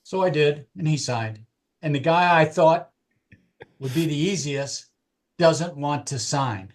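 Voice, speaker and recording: A man's voice: a little high, slow. A man who works as a real estate agent, telling his team about a client and acting out both sides of their talk. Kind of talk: casual storytelling in a meeting.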